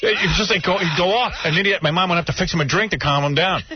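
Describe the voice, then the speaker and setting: A man telling animated stories on a talk radio show, shouting when he does impressions of his father. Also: high voice, very fast, a loud crowd. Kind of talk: casual talk radio banter. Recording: dull radio broadcast sound.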